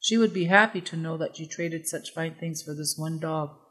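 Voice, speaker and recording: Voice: mid-range voice, moderate pace, pushed and bright, lightly acted. A narrator voicing a proud, impatient male warrior in a storybook reading, speaking insistently. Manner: insistent, bargaining.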